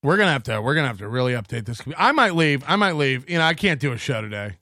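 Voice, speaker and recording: A man's voice: medium pitch, very animated, quick pace, bright, forceful tone, no echo, studio quality. A middle-aged man hosting a podcast, ranting in a profane, mocking, rambling way. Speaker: podcast host. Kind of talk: casual rant reading chats.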